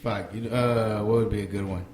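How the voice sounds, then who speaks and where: A man co-hosting a comedy podcast, trading quick, profane banter and reactions. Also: fairly low pitch, fairly even intonation, a little mellow, slight background noise. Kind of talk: casual chat. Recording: roomy echo.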